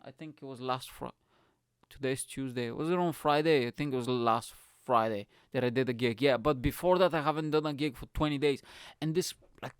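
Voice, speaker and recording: A man's voice: a little high, clear, resonant tone, no echo, clean studio sound. A man hosting a comedy podcast, ranting profanely in a casual monologue and calling the listener mate and bro. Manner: animated, profane, swearing ranter; tends to end lines with "mate" and "bro".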